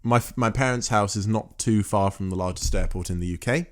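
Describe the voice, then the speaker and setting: A man's voice: on the low side, fairly quick. A man co-hosting a casual podcast chat, rambling and correcting himself as he goes. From England. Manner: rambling, self-correcting, laughs often. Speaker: podcast co-host.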